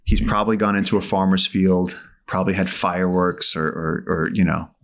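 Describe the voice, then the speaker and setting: A man's voice: low voice, fairly even intonation, fairly quick. A man telling a vivid story as a podcast guest. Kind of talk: conversational storytelling.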